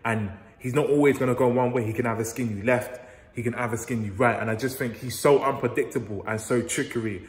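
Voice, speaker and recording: Brief: even-toned male football pundit-fan, reverberant room sound. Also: medium pitch, fast talker. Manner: steady, analytical, repeats phrases for emphasis. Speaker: fan reviewer. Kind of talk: football match review. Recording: echoey room with long reverb.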